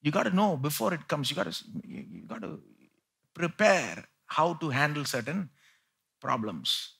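Emphatic preacher, husky and bright. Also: male voice, sing-song, normal speed. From India. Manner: emphatic, swings between loud pleading and low asides. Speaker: pastor. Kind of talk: sermon. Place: live church service.

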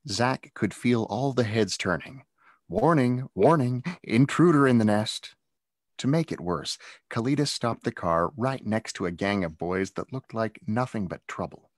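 A man with a deep, low voice reads his own adventure story aloud, steady and expressive. The sound is dry and close, with no room echo. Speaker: author reading his own book. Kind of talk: storybook read-aloud narration.

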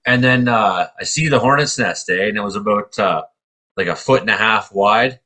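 A middle-aged man from Canada, co-hosting a casual chat and telling stories in an animated way with acted-out voices. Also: fairly low pitch, normal speed. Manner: animated storyteller, acts out voices. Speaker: co-host.

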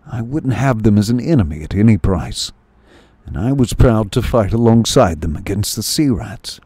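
A man voicing a calm, earnest male mouse warrior in a storybook reading. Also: on the low side, normal speed, breathy edge, no echo.

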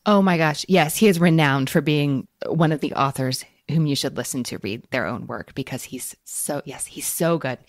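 A woman hosting a podcast, talking casually and with lively interest as she interviews a guest about books. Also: low voice, moderate pace, few pauses, no echo, clean studio sound. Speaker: podcast host.

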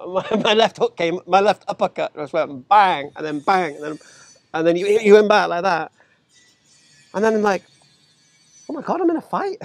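A man, telling stories as a podcast guest, animated and laughing as he acts out other voices. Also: high-pitched, gravelly, no echo. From England. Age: 40s. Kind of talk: casual storytelling chat.

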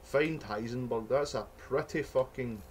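A man's voice: mid-range voice, measured pace, a little mellow. Glaswegian guy ranting and swearing over a game, faint hiss behind. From Scotland. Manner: sweary, rambling, mock-outraged. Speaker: gamer. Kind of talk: let's play commentary.

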